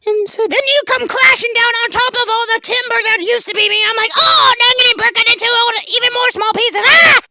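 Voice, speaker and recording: Woman doing a squeaky, shrill know-nothing. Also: a little fast, hardly any pauses, noisy background. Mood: silly squealing. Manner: gasps and yells mock-surprised questions. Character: squeaky, silly, excitable know-nothing who shouts wrong guesses. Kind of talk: improvised home comedy sketch.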